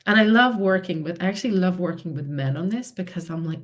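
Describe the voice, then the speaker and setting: British woman, therapist, low-pitched voice, lively explaining, acts out dialogues. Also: fast. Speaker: relationship therapist. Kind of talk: explaining advice in a live conversation.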